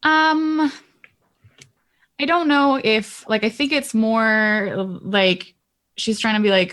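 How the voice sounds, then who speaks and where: Slow, rambling woman playing a tabletop game. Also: fairly high pitch, steady tone, fairly bright tone. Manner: rambling, filler-heavy. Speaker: player. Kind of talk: tabletop game player chat.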